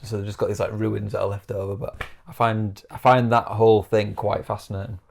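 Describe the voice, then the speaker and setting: A man with a gravelly, creaky voice chats casually as a podcast co-host. He trails off with fillers and laughs often. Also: on the low side, little pitch movement, brisk, a little hiss or hum. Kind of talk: casual chat.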